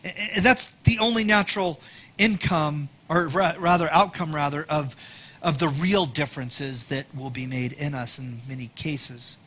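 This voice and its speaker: Male pastor, sermon, bright tone, slightly higher voice, chatty with jokes, loud then hushed. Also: steady tone, moderate pace. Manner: conversational, joking asides to the congregation; dynamic, swings between loud emphasis and soft near-whispers.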